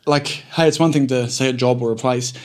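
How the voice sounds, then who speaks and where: A man's voice: mid-range voice, fairly even intonation, fairly quick, darkish tone. A man hosting a podcast, chatting casually, joking and asking probing questions. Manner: jokey, probing questions, interjecting. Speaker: podcast host. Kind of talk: casual interview chat.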